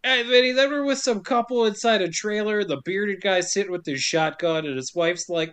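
A man's voice: sits high, moderate pace, hardly any pauses, a bit bright, clear, resonant tone. A man hosting a casual podcast, recapping a film with sarcastic, profane jokes. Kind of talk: casual chat.

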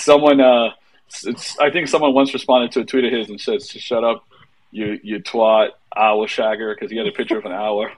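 A man's voice: on the low side, rough recording. A man co-hosting a podcast, telling rambling anecdotes with chuckles. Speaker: podcast co-host. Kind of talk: casual podcast chat.

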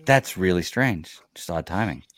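A man's voice: low voice, animated, normal speed, a bit bright. A man hosting a casual podcast, joking around and laughing easily as he chats with his co-hosts. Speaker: podcast host.

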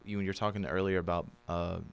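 Man in his twenties, very low and resonant, podcast co-host with a preachy, scripture-quoting manner. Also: level tone, quick pace, gravelly, smooth. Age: 20s. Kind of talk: casual faith conversation.

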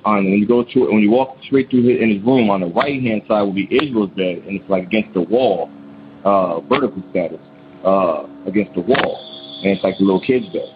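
A man's voice: on the low side, moderate pace. Man telling a ghost story, lo-fi. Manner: rambling, restarts often, slangy. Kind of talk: casual spoken storytelling. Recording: dull lo-fi recording with clear noise.

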